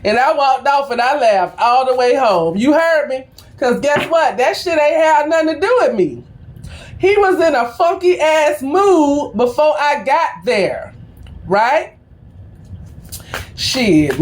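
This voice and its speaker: A woman's voice: high voice, very animated, a little slow. A middle-aged woman, a tarot reader, telling a story in a casual, slangy and profane way before her reading.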